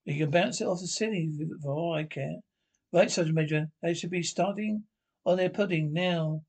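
A man in a 1970s British comedy film, blustering through army dialogue and shouted orders, with a British accent. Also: a little high, normal speed.

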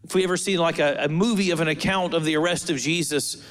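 A man's voice: on the high side, steady tone, fast, a bit bright. A man preaching a sermon as pastor, in a humorous, conversational way with asides to the congregation.

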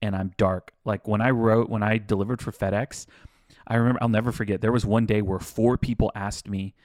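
Male co-host, lower voice, chatty and rambling, swears casually, dry close-mic read. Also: a little fast, no echo. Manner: rambling, animated storytelling with swearing. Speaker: podcast co-host. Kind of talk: casual chat.

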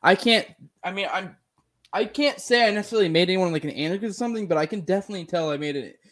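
A man's voice: sits high, very fast, a bit bright. A man who served in the military, rambling through casual, profane podcast talk full of fillers. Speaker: military veteran, podcast co-talker.

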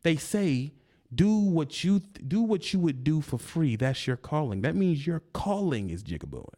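Here a YouTuber delivers a confrontational, taunting rant aimed at a rival, breaking into mocking laughs. His voice is mid-range with a dark tone.

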